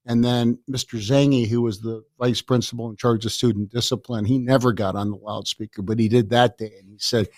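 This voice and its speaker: A man in his sixties from the Chicago area, telling stories as a podcast guest in a lively way, often laughing and repeating words. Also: mid-range voice, a little fast, few pauses, no room sound, clean studio sound. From Chicago area, USA. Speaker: guest, author. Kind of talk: anecdotal storytelling in a podcast interview.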